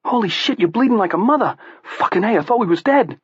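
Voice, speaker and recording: A man voicing a scrawny, excitable young male sidekick with a Boston accent who jabbers nonstop in a high, loud voice. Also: quick pace, breathy edge, dry recording, lo-fi sound. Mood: frantic.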